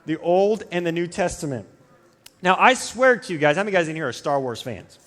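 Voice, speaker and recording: Rambling youth pastor in a big reverberant hall. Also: male voice, a little high, animated, a little fast, a bit bright. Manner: rambling, digressive, self-interrupting. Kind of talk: casual humorous youth sermon. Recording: long reverb from a large hall.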